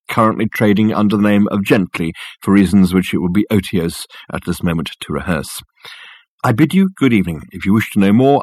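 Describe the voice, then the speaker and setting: A man voicing a smug, eccentric male private detective who lectures in a pompous, crisp way. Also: on the low side, darkish tone, no echo, studio quality.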